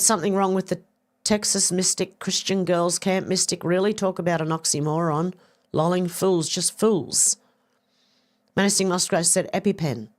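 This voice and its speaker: Chatty Australian woman reading out chat. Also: lowish voice. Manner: reads comments aloud, chatty, swears, laughs often. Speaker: livestream host reading chat. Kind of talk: casual chat.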